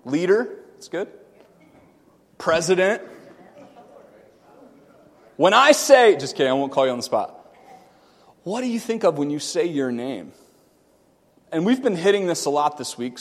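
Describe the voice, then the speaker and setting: A male preacher with a high, lively voice delivers a sermon full of sudden shouts and playful asides to his congregation. His words ring out with a long hall reverb, as if from a church sanctuary. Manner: animated, swings from loud shouting to quiet asides; joking, conversational with congregation.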